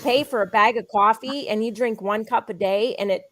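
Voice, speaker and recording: Eager, higher-voiced woman selling. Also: a bit bright, a little hiss or hum. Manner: eager, insistent, fast storytelling. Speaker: guest, product promoter. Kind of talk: sales pitch with personal testimony.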